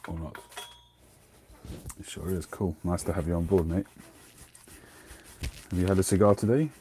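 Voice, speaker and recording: A man's voice: low voice, fairly even intonation, normal speed, warm tone, slight background noise. A middle-aged man, hosting a casual livestream chat, rambling and drifting off topic as he talks. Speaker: host.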